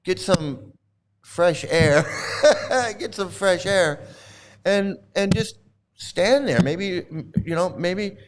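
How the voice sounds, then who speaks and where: A man's voice: high voice, extremely slow. A middle-aged man telling a rambling story casually to his livestream chat, laughing often and restarting sentences. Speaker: host.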